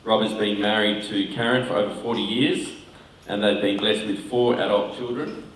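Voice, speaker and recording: A man's voice: on the low side, fairly even intonation, moderate pace. A man introducing a guest speaker with light, joking asides. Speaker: event host introducing the speaker. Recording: roomy hall, distant mic, faint noise.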